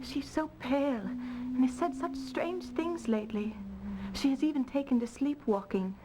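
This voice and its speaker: A woman's voice: high voice, normal speed, heavy background noise, close to an everyday voice. An actress playing an anxious young lady in a 1990s game, speaking earnestly with a put-on British accent. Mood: worried. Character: anxious young lady, worried sister figure. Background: game music.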